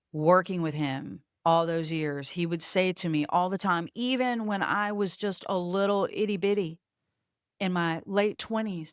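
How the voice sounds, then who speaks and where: A woman with a light coastal Virginia Southern accent hosts a motivational talk to camera, coaching on leadership in an emphatic, preachy, frank manner and swearing casually. Her low voice is clear and resonant, recorded dry at studio quality.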